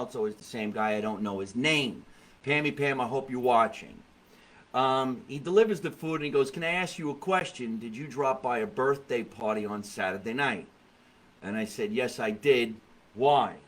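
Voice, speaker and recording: A middle-aged man hosting a comedy podcast, telling stories in a jokey, animated way with quoted voices. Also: mid-range voice, low-quality recording. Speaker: podcast host. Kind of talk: comedic casual chat. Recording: faint background noise.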